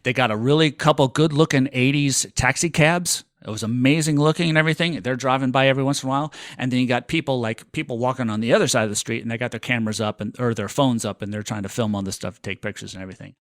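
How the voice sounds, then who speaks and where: A man's voice: mid-range voice, fast talker, few pauses, no room sound, studio quality. Rambling, self-mocking male podcast co-host. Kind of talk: casual storytelling chat.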